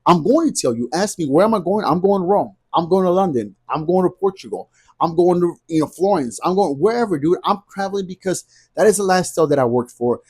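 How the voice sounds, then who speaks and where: A man in his thirties vents straight to camera in a casual vlog. His voice is husky and mellow, a bit higher than usual for a man, and he hammers his points home with repetition. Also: animated, quick pace. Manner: emphatic, repetitive, ranting. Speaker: vlogger.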